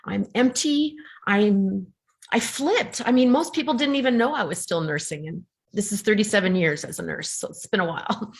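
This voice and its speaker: A woman in her fifties from Canada, a coaching client on a video call, exhausted and close to tears, speaking haltingly. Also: mid-range voice, lively intonation. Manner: halting, hesitant.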